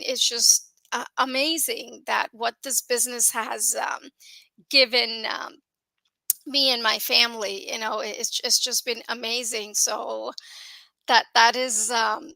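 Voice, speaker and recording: A woman's voice: fairly high pitch, vocal fry, sharp tone, no room sound, low-quality recording. A woman giving an emotional personal testimonial about her business success, earnest and full of "you know" fillers. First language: grew up in the US with an Indian-accented English. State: tearful at times. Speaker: guest sharing business success.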